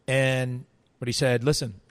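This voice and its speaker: A man's voice: mid-range voice, moderate pace, no echo. A man telling a story in an interview, acting out quoted voices, with frequent restarts. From United States. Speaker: interview guest.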